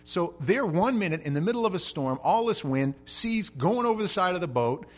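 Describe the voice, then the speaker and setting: A man preaching an expository sermon, telling the story with animated energy and shouting out the quoted lines. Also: sits high, normal speed. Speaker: pastor.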